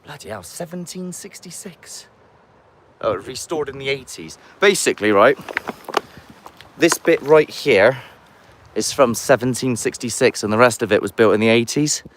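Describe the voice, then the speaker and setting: A man's voice: medium pitch, expressive, moderate pace, a little hiss or hum. A man with a chatty, rambling manner, streaming a live walking vlog outdoors in woodland on a handheld phone. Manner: chatty, rambling, jokey asides. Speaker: paranormal investigator, live streamer.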